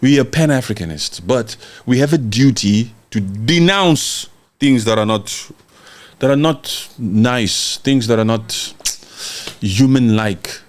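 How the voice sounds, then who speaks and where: A man's voice: mid-range voice, slow. A man from Congo hosts a podcast livestream, reading viewer comments and speaking in a heated, emphatic way, often repeating words. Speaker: podcast host.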